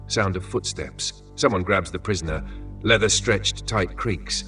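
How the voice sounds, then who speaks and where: A man narrates a grim fantasy tale with a bright, forceful voice that sits slightly lower than most. He sounds set back from the microphone, and faint music plays underneath. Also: a little slow, far from the mic. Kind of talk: scripted dramatic story narration.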